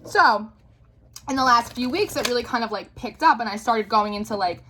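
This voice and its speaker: Young woman tarot reader, casual storytelling, bright and a touch high, loose and sweary. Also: moderate pace, slight background noise, rough recording. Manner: chatty, filler-heavy, swears casually.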